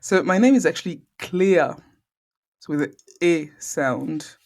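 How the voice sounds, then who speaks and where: A woman's voice: deep voice, animated, moderate pace. A woman from France with a French accent, chatting as a guest and carefully correcting pronunciation. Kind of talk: casual interview chat.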